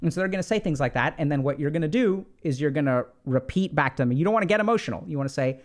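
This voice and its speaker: A man's voice: fairly high pitch, lively intonation, very fast, few pauses. A man hosting an advice podcast, explaining in a casual, conversational way, often checking in with "right?" and using "like" a lot. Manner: conversational, many "like" fillers and "right?" check-ins. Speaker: podcast host giving relationship advice.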